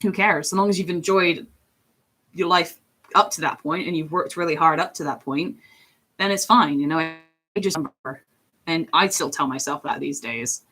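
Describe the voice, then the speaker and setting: English woman in her 30s, deep low voice, rambly casual stream chat, lots of ums. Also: moderate pace, sharp tone, slightly rough. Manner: rambling and chatty, with frequent fillers and laughs. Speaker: streamer and voice actor.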